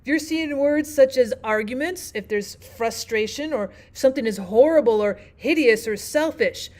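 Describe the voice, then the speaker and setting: A woman with a slightly high voice teaches a literature lesson. She explains each point clearly and keeps turning questions back to the listener, in a steady classroom manner. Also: moderate pace. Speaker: language arts teacher.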